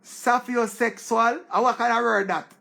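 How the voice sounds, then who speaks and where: A Jamaican man talking loosely as a show host. His voice sits fairly high and carries a gravelly rasp. He gets excitable, repeating words and crying out. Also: moderate pace. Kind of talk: casual commentary in Patois-laced English.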